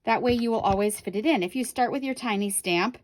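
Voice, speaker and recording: A woman's voice: fairly high pitch, fairly quick, a little hiss or hum. Chatty woman teaching a paper craft. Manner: chatty, talks to viewers while working, self-correcting. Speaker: craft demonstrator. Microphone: camera on the craft table.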